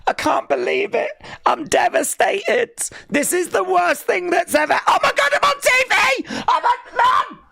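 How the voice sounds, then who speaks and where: A man putting on the voice of a young child fan who shouts in high squeals. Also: animated, measured pace, gravelly, full character voice. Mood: overjoyed. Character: excitable young child fan, wailing then thrilled.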